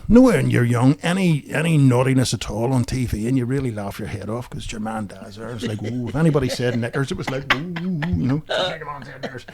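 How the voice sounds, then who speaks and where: A man's voice: medium pitch, fast, hardly any pauses, darkish tone. A man with a Belfast accent, co-hosting a podcast and telling rambling funny anecdotes full of fillers. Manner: chatty storyteller with many fillers, laughs at own jokes. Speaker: podcast co-host. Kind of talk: casual anecdotal chat.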